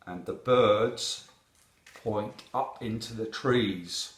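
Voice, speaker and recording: Guy reading a kids picture book aloud, slow and bouncy, echoey room. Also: fairly low pitch. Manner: animated, asks the listener questions. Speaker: storyteller.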